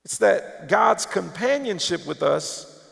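A man preaching a sermon as pastor, dramatic, swinging between loud emphasis and hushed near-whispers, in a church auditorium. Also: high-pitched, expressive, takes it slowly, creaky. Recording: long hall reverb.

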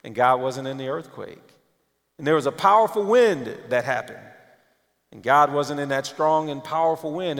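A man preaching a sermon as pastor, dramatic, swinging between loud emphasis and hushed near-whispers, in a church auditorium. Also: fairly high pitch. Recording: long hall reverb.

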